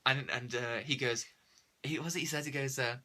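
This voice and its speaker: A man's voice: mid-range voice, steady tone, brisk, pushed and bright. A man, co-hosting a casual film review chat, sarcastic, acting out quoted characters. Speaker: podcast co-host.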